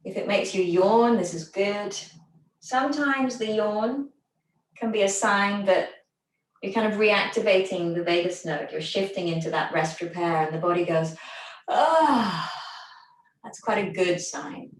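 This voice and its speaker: Woman, exercise instructor, calm step-by-step guidance, distant mic, roomy echo. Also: medium pitch, normal speed, slight background noise. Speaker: recovery class instructor. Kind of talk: guided gentle exercise class. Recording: echoey room, voice from far off.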